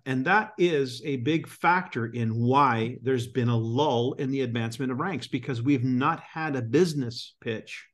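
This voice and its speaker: A man's voice: mid-range voice, a little slow, fairly bright tone. Emphatic male business coach. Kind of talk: motivational call talk.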